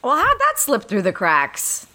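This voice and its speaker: A woman's voice: fairly high pitch, unhurried. A woman co-hosting a podcast, casual banter and frequent swearing. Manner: swears freely, lively banter. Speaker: podcast co-host. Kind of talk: casual chat.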